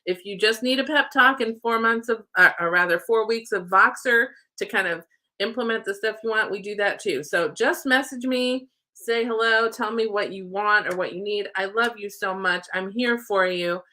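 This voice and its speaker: Bright-voiced, chatty middle-aged woman. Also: medium pitch, moderate pace. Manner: chatty, rambling, affectionate; says "y'all" often. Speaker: spiritual life coach. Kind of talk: casual chat to camera.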